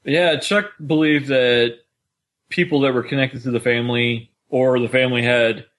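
A man co-hosting a fan podcast in a chatty, easygoing way. His voice is mid-pitched and ordinary. He talks through episode details in casual conversation. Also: fairly even intonation, a bit bright. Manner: chatty, quick to laugh. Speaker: podcast co-host. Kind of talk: casual chat.

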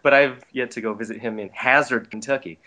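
Man, podcast guest, animated anecdotes, acted-out quotes, casual talk. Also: mid-range voice, fairly quick. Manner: lively storyteller, acts out quotes. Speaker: voice actor guest. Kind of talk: casual chat. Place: based in Los Angeles.

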